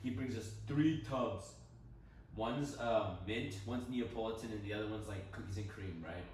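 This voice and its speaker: A young man in casual podcast chat, telling stories in an animated way, swearing and laughing. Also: fairly low pitch, moderate pace, heavy reverb, distant mic, a little hiss or hum, rough recording. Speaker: podcast co-host.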